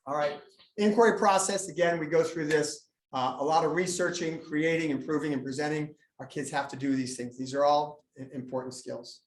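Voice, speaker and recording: A fairly high-pitched, slightly fast male voice belongs to a school administrator presenting live to parents. Inside a school meeting room with a noticeable echo, he spins humorous anecdotes and mimics students.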